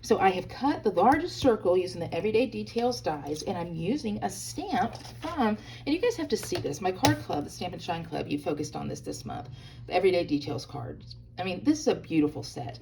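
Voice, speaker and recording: A woman's voice: lowish voice, lively intonation, a little fast, noisy background. A woman hosting a hands-on crafting tutorial from a hotel room, chatty and bubbly, talking straight to her viewers. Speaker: craft video host.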